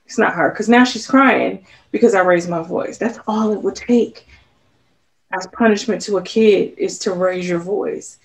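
A woman's voice: mid-range voice, measured pace. A woman co-hosting a podcast, talking casually and reflectively, trailing off with ums. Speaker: podcast co-host. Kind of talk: casual chat. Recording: slightly dull lo-fi.

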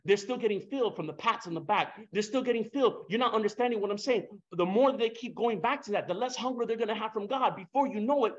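A man preaching a sermon with emotion, repeating his phrases for emphasis and slipping into casual slang. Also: high-pitched. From Hispanic background. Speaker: pastor. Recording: dull lo-fi sound.

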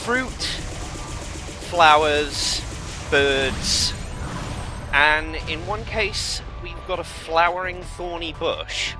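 A man's voice: fairly high pitch, very slow. A man joining as a guest on a game playthrough, chatting and explaining things in a matter-of-fact way. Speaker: co-commentator guest. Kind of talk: casual gameplay chat. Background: game music.

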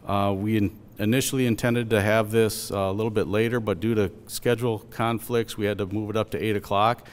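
A man's voice: on the low side, fairly even intonation, fairly quick, few pauses, clear, resonant tone. A man giving plain, slightly hesitant opening remarks at a town hall in a large hall. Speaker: state legislator hosting the event. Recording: long hall reverb.

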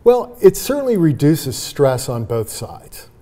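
Brief: male sales trainer guest, emphatic and animated, dark mellow tone. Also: on the high side, a little slow. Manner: animated, emphatic, laughs while explaining. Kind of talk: conversational interview.

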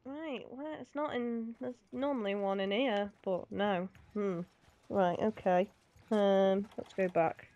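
A woman's voice: medium pitch, steady tone, slow, lo-fi sound. Giggly young British woman gaming. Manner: chatty, giggly. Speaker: co-op gaming guest. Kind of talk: casual co-op gameplay chat.

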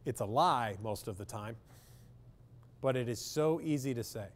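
A man's voice: mid-range voice, moderate pace. A man, a clinical psychologist, speaking bluntly and with humor in a public talk to parents, often asking the audience questions.

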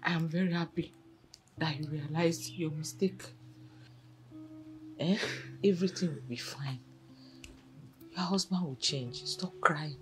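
A woman's voice: sits low, unhurried, long pauses, poor audio. A middle-aged actress with a Nigerian accent playing a mother who comforts her grown daughter. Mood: comforting. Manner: soothing, reassuring. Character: warm, comforting village mother. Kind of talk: Nollywood film acting.

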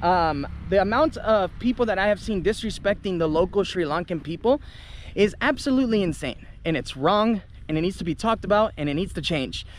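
A young man vents on his travel vlog, heated and indignant and quick to swear. His voice sits high for a man. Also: animated. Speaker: travel vlogger. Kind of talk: casual vlog rant to camera.

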